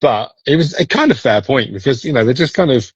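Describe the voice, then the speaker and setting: A man from Britain, a guest actor chatting in an interview, telling animated stories with frequent laughs and restarts. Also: medium pitch, fairly quick, breathy edge, no echo, dull audio. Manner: animated storyteller, laughs often, many restarts. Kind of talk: casual interview chat.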